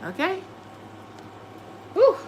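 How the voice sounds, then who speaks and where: A woman's voice: extremely slow, dull audio, slight background noise. A woman tarot reader chatting casually on a live stream, giddy and playful from lack of sleep, swearing freely. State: running on no sleep.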